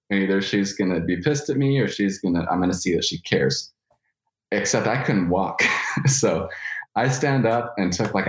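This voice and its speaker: A man in his thirties telling a candid personal story, swearing freely and restarting his sentences often. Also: on the low side. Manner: candid, profane, halting restarts. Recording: roomy echo.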